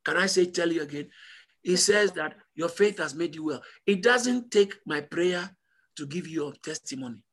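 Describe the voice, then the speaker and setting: A male pastor preaching with an emphatic, repetitive drive that swells into call-and-response. His voice sits high and sounds husky. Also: lively intonation, normal speed, fairly bright tone. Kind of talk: sermon.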